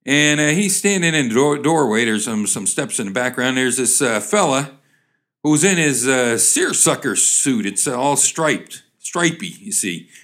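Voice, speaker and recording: A man casually reading old jokes aloud and describing cartoons, wry and halting with many restarts. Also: medium pitch, lively intonation, a bit bright.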